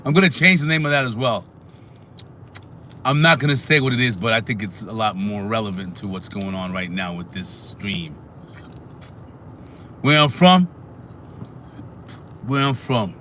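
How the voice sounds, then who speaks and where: A man hosting a casual live stream, animated and talking back to his chat. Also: lowish voice, normal speed, a little hiss or hum. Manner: animated, talks back to chat, sings snatches.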